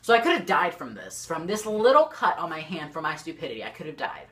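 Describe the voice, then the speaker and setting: A fast-talking teenage girl with a deep, low voice tells a YouTube storytime directly to her camera. Her telling rambles and lurches excitably, full of "like" and restarts.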